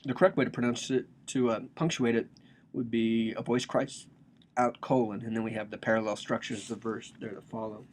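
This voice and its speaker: A man's voice: fairly low pitch, flat delivery, fast talker, a little hiss or hum. A man giving a casual, joking lecture on a religious text, explaining it with slang and asides.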